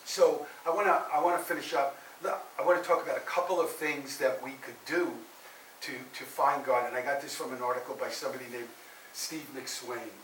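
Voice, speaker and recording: Male minister preaching in an echoey hall, mic set back, faint hiss, storyteller who swings from loud to soft. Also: medium pitch, fairly quick. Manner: animated storyteller, rising loud for drama and dropping soft for quiet lines. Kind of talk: sermon storytelling. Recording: roomy echo, heard from a distance, faint hiss.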